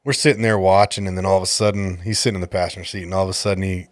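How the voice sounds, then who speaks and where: Low-voiced profane man telling a story. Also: fairly even intonation, rapid-fire, no room sound, studio quality. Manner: profane, exasperated retelling. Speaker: podcast host and jiu-jitsu gym coach. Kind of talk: casual storytelling.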